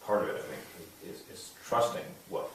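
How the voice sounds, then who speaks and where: A man, a student, asking a halting, hesitant question with many restarts. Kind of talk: question from the audience. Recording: distant mic, very echoey room, faint background noise.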